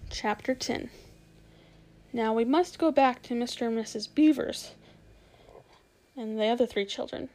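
A woman reading a children's novel aloud in a measured, expressive way. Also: on the high side, poor audio. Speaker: storyteller.

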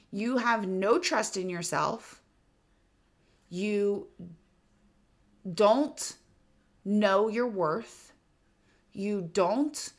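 Frank woman giving self-help advice. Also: medium pitch. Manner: frank, swears casually, speaks straight to the listener. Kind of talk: direct-to-camera advice talk.

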